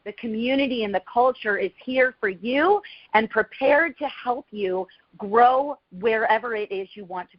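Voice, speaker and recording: Gushy thirtysomething woman on a team call, kinda high voice, dull dry audio. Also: no echo. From Texas. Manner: effusive, many fillers. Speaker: guest speaker. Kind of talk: motivational team call talk.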